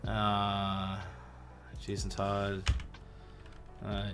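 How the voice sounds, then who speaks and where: A man's voice: fairly low pitch, monotone, drawn-out words, over loud music. A man hosting a casual livestream, chatting animatedly about comics and scripture and talking straight to his viewers. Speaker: host.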